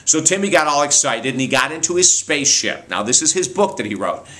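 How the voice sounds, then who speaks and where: A man speaker and author telling funny true stories in an animated, amused way, laughing often. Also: medium pitch, fairly quick. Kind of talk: storytelling monologue.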